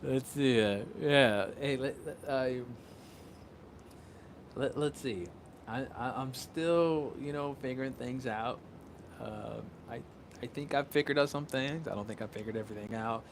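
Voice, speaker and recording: A man's voice: medium pitch, a little slow, a little hiss or hum. Rambling, swearing man chatting on a livestream. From Puerto Rico. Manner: rambling, repeats words and restarts, swears often. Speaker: content creator. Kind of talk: casual livestream chat.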